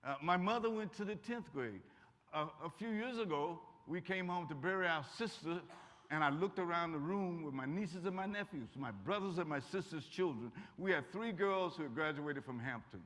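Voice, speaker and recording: An older man with a bright, ringing voice tells stories to students in a folksy, joking way. He sits a bit above the usual pitch for a man. The sound carries the long echo of a large hall. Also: animated, moderate pace. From Kentucky. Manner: folksy, warm humor, acts out quotes. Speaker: guest speaker. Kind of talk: lively storytelling talk to students. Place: college auditorium. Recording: echoey hall.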